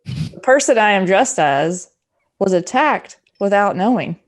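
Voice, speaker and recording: A woman's voice: medium pitch, lively intonation, a little slow, close to an everyday voice. A woman playing a cryptic, terse party guest. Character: brooding woman in a grim costume. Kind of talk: tabletop role-play.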